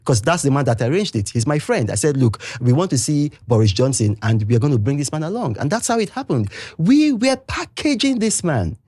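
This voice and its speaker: A man with a Nigerian accent, speaking as an interview guest in an emphatic, heated, animated way. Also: on the high side, fairly quick, hardly any pauses, slightly rough, no room sound, studio quality. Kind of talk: interview talk.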